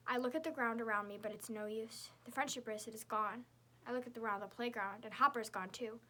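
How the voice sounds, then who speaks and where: A woman narrating a children's chapter book in the first person, in a lively, girlish storytelling voice. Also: fairly high pitch, quick pace. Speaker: audiobook narrator.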